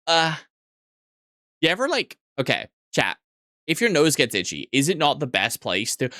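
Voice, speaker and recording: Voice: medium pitch, wildly swooping pitch, normal speed, long pauses, fairly bright tone, dry recording, clean studio sound. A streamer chatting casually with viewers, joking crudely, swearing often and rambling through restarted sentences. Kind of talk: casual livestream chat with viewers.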